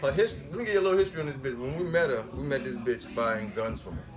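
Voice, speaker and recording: A man telling a story in a casual podcast chat, animated and acting out the voices of the people in it. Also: medium pitch, very fast. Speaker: podcast guest.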